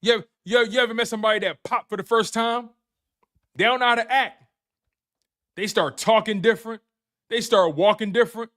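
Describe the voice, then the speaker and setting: A man's voice: sits high, fairly quick, pauses often. A man hosting a live sports talk stream, talking casually and repeating himself as he banters with his chat. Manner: animated, repetitive, playful trash talk to chat. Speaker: sports show host.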